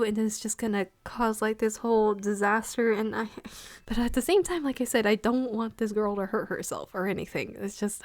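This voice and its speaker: Young woman, casual anime review, excitable, gushing, filler-heavy, dry close sound. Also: fairly high pitch, no room sound.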